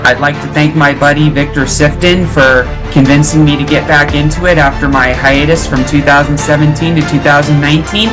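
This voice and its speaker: A man's voice: fairly high pitch, steady tone, fairly quick, hardly any pauses, over music, rough recording. A man hosting a motorsports podcast, delivering an upbeat scripted intro with thanks to friends. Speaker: podcast host. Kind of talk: show intro.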